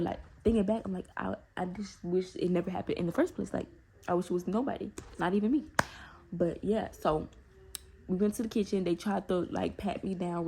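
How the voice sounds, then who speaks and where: A young woman, telling a personal story to her viewers in a casual, animated way with many asides to them. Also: lowish voice, gravelly, slight background noise. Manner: animated, talks straight to viewers with repeated asides. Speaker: storytime vlogger.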